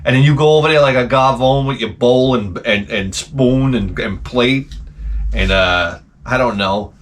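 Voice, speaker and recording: A middle-aged man with a medium-pitched voice and a measured pace hosts his own show. He delivers a casual, profane monologue, grumbling and exasperated.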